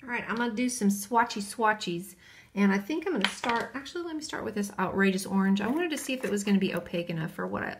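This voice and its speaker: A woman chatting casually and excitedly while unboxing and swatching nail powders. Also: mid-range voice, quick pace. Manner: bubbly, chatty, exclaims over colors. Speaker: nail hobbyist vlogger.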